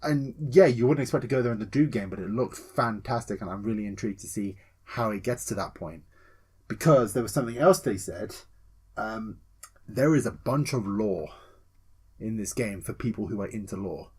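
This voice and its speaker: A man co-hosting a casual gaming podcast, excitable and swearing freely, acting out scenes with yelps and laughter. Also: fairly low pitch, normal speed, husky. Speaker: podcast co-host.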